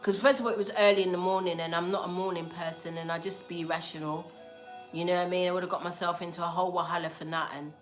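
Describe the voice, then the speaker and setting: A woman telling a story casually to a livestream audience, animated and slangy, acting out the lines of the people in it. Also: on the low side, fast talker, faint music behind. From England. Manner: animated, slangy, acts out dialogue. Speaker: spiritual livestream host.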